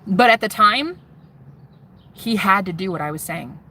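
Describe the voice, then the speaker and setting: Intense woman vlogger with a sharp bright voice, telling her story to camera. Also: medium pitch, lively intonation, a little slow, slight background noise. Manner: intense, swearing, addresses viewers as guys. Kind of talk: emotional personal testimony.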